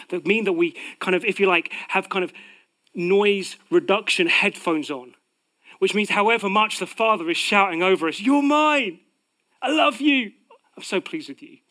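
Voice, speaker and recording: A middle-aged man preaching a sermon, swinging from loud proclaiming to hushed, intimate lines. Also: fairly high pitch.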